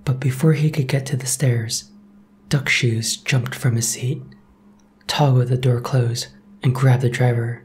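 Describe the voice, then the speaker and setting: A man narrating a first-person horror story in a measured, suspenseful way. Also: mid-range voice, steady tone, a little mellow.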